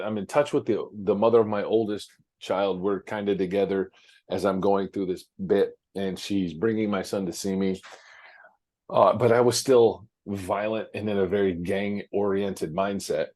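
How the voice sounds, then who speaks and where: Man, low voice, frank, filler-heavy, casual interview, office. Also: fairly even intonation, moderate pace, a little mellow. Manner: frank, many "uh" fillers and restarts. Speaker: guest. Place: his office.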